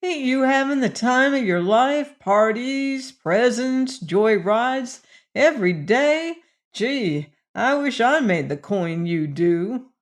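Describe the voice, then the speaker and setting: A brash young man with slangy street talk speaks in an unhurried way, voiced by a woman reading the story. His tone is cocky and dismissive. This is an audiobook character voice. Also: on the high side, lively intonation, voice pushed up.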